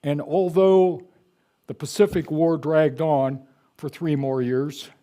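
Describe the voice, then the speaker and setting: Older man, author, book talk, conversational, digressive, mellow tone. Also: a little high, slow pace. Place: room with a live audience.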